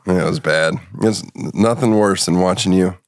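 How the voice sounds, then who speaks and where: Man, middle-aged, comedy podcast host, deadpan teasing, dry close sound. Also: low-pitched, moderate pace, no room sound. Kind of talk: casual comedic interview.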